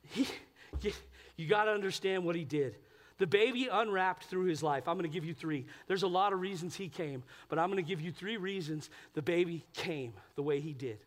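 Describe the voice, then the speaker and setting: A male pastor preaching a sermon, telling stories with animated swings between loud exclaims and quiet asides. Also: high-pitched, fairly quick, long reverb tail. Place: large church sanctuary.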